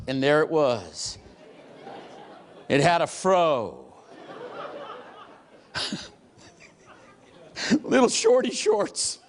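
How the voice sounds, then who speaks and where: A man giving a motivational keynote talk, telling stories in a punchy, animated way and breaking into shouts and acted-out quotes. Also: high-pitched, a little slow, long pauses. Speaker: keynote speaker. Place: large hall before a live audience.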